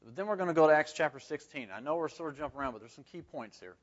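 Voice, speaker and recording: A man's voice: fairly high pitch, lively intonation, very fast, dull audio. Folksy man teaching a Bible class. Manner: folksy, conversational, adds asides. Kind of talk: reading scripture aloud and explaining it to a class.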